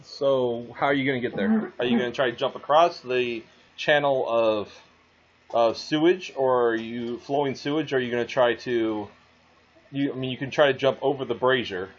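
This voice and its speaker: Hesitant game master with a muffled sound. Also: male voice, medium pitch, moderate pace, a little hiss or hum. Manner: hesitant, full of restarts while describing. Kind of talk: narrating a tabletop game. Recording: muffled lo-fi recording.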